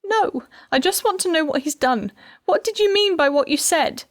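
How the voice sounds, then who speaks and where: High shrill panicky mum from an audiobook, woman doing the voice, dry close recording. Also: lively intonation, measured pace, a little mellow, no echo, heavily acted. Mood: distraught. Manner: shrill, pleading, breaking into screams. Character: frantic middle-aged mother, fearful and overwrought. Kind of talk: audiobook character reading.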